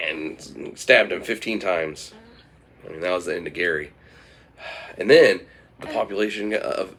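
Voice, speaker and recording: A man spinning a loose comic tale, rambling along with plenty of asides. His voice is low, gravelly and a bit husky. His pitch swings about freely as he tells the story. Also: moderate pace, a bit bright. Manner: meandering, full of fillers and restarts.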